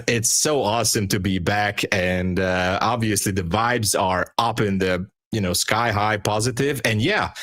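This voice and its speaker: Male livestream host, low but animated voice, playful roasting, dry close sound. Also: no echo. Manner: upbeat joking, rambling with fillers. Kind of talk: casual livestream chat.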